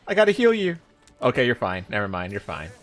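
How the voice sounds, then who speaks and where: A young man streaming a live video game playthrough, excitable and laughing often, his voice leaping up into high squeals. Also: fast, faint music behind. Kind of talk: live gameplay commentary.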